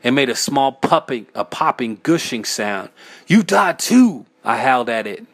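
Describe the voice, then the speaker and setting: A man reading his own first-person horror story aloud, frantic, sometimes breaking into yells. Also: medium pitch, normal speed, no echo.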